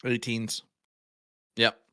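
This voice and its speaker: A man's voice: medium pitch, completely flat delivery, drawn-out words, sharp tone, clean tone. A man commentating live darts, calling throws and joking with his co-commentator. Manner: joking, banters with co-host.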